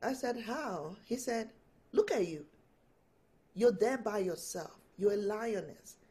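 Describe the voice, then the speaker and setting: A woman guest and empowerment coach, telling personal stories with animated delivery and frequent laughter. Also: mid-range voice, slow pace. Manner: animated storytelling, laughs often. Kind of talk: storytelling in an interview.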